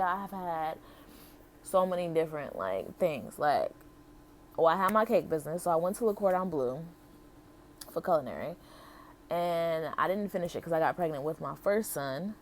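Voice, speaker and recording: A woman's voice: lowish voice, slight background noise. A woman in her thirties from the United States, telling her personal story to camera in a chatty, heartfelt way full of "like" and "um". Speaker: vlogger.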